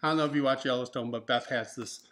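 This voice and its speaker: A man's voice: mid-range voice, fast, fairly bright tone, slight background noise. A man co-hosting a couple's diet vlog, chatting casually in a joking, rambling way. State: nursing a broken ankle. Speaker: co-host of a couple's keto vlog. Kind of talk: casual chat.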